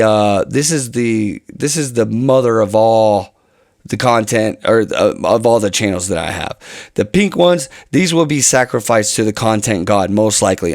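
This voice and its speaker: A man's voice: medium pitch, gravelly, no room sound, studio quality. A man talking casually to camera about his channel plans, rambling and often restarting his phrases. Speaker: channel host.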